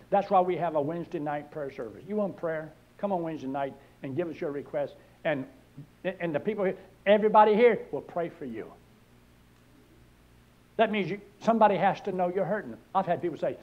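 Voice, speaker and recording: A male pastor preaching a sermon, with animated delivery, rhetorical questions, and loud, drawn-out scripture readings. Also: fairly high pitch, muffled recording.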